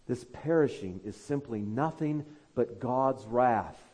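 A man preaching a sermon as pastor, fervently urging his listeners, then dropping to quiet, low asides. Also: expressive, slow, slightly rough.

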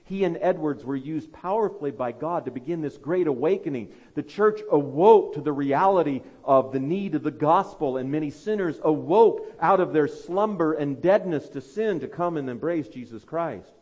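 A man preaching a sermon as pastor, fervently urging his listeners, then dropping to quiet, low asides. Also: expressive, normal speed, few pauses, breathy edge.

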